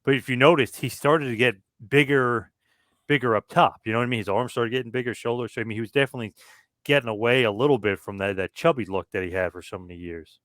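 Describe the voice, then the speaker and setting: A man co-hosting a casual podcast, breaking down wrestling history quickly and thinking out loud. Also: medium pitch, dry recording, clean studio sound. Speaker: podcast co-host.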